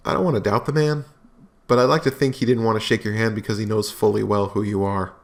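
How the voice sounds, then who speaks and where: A man's voice: lowish voice, steady tone, fast talker. A man hosting a commentary video, talking in a mocking, sarcastic way. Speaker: commentary host.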